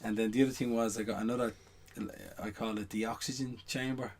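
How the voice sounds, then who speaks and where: A man's voice: on the low side, steady tone, fairly quick, darkish tone. A middle-aged man, a guest on a casual podcast, telling rambling anecdotes full of "you know what I mean" asides. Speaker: guest, stage performer.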